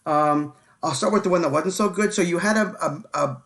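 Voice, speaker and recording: A man hosts a live sports show in a loose, casual way. He stops often with ums and repeats his words, and his voice sits a little high. He laughs easily with his guest. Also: fairly bright tone. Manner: filler-heavy, repeats words, quick to laugh. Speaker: podcast host.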